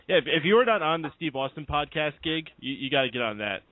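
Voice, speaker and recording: A man's voice: on the high side, very animated, fast, dry recording. A man hosting a live internet radio post-show, talking in an upbeat, announcer-like way. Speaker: lead host. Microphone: internet call. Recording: dry tinny call audio.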